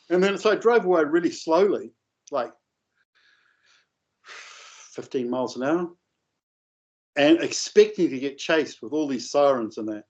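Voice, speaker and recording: A man's voice: a little high, a little slow, long pauses. Rambling New man, lo-fi. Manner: rambling, animated anecdote with coarse language. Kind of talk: casual storytelling. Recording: dull lo-fi audio.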